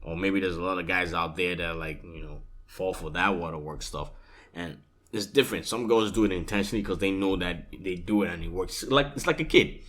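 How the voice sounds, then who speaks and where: A man's voice: deep voice, brisk, fairly bright tone. A man hosting a podcast, chatting casually, swearing freely and laughing often. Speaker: podcast host. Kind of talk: casual chat.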